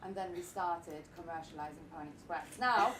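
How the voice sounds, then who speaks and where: A woman's voice: on the low side, a little fast. A woman hosting a live event, introducing the next speaker in a chatty, loose way. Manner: chatty, loose, warm about her partner. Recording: roomy, distant, with faint room noise.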